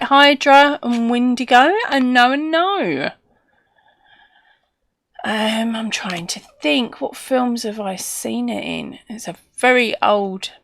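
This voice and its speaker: A woman's voice: fairly high pitch, fairly bright tone, no echo, studio quality. A woman hosting a casual live stream, chatty and laughing often as she reads out viewer comments.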